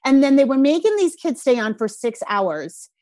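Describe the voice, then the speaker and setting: Lively Rhode Island podcast host woman. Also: high voice, moderate pace, no echo. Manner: energetic, swears casually. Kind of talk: casual podcast conversation.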